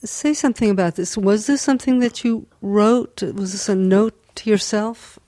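Woman radio host, mellow voice. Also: medium pitch, normal speed, no room sound, studio quality. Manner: scripted introduction, gentle questions. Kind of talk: radio interview.

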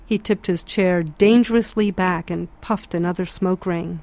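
A woman giving measured, reflective audiobook narration. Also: fairly low pitch, steady tone, a little mellow.

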